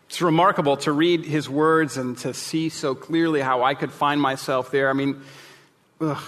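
A man's voice: on the high side, normal speed, a bit bright, in a large hall. A male pastor giving a sermon, candid and jokey, with emphatic asides.

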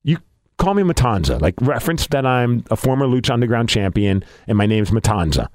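A man co-hosting a casual podcast, telling a story with animated, acted-out dialogue. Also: mid-range voice, a little fast, dry recording, clean studio sound. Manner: animated storytelling, acting out quoted lines.

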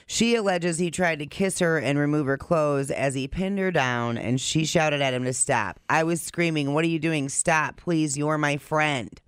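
A man with a smooth, clear voice sits close to a dry mic, reading news reports aloud. He breaks in with short, blunt comments of his own in a casual chat. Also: fairly high pitch, dry recording. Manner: reads reports then adds blunt asides. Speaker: podcast co-host.

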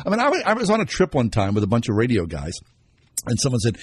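A man's voice: fairly low pitch, very animated, fast talker, slightly rough. A man co-hosting a radio show, chatting casually and telling stories with plenty of fillers. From Pittsburgh.

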